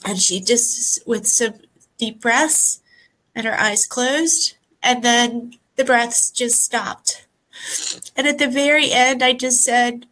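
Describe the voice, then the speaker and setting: A woman speaks slowly and softly over a video call, her voice high and bright. She is emotional and near tears, stopping and restarting as she tells her story. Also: low-quality recording. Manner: soft, halting, pausing often. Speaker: guest. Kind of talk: emotional personal account.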